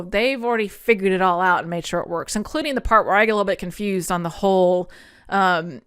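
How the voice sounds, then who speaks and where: Speaking in a clean, slightly bright mid-range voice, a female podcast host chats earnestly through an episode recap. Her frequent laughter mixes with emotion that brings her near tears.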